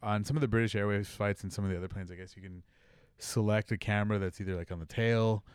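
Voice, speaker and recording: Man, low voice, dry close sound, relaxed swearing storyteller. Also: fast, clear, resonant tone, dry recording. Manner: laid-back, swearing, laughing storyteller. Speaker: podcast guest. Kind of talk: casual storytelling.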